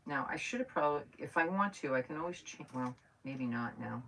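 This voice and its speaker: A woman's voice: low-pitched, expressive, brisk, a bit bright. A woman chatting casually with her viewers while doing a craft project live, rambling and greeting people by name. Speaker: crafting livestream host. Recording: voice a bit far from the mic, faint noise.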